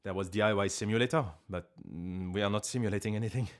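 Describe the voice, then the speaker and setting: Fairly low-pitched and quick, the man is a streamer and voice actor chatting casually from home on a live stream. He speaks English in an affected French accent, rambling, playful and self-mocking.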